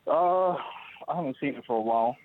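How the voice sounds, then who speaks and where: A man's voice: medium pitch, expressive, normal speed, a little hiss or hum. A man calling into a radio phone-in, answering defensively and hesitantly, stumbling over his words. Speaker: caller. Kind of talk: talk radio phone-in call. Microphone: telephone. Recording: tinny phone line.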